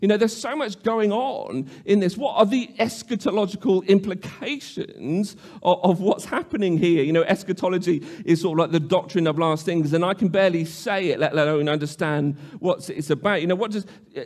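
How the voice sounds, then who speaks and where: A man's voice: sits high, brisk, a little mellow. A man preaching a sermon, reflective and earnest, often restarting his sentences and asking questions aloud.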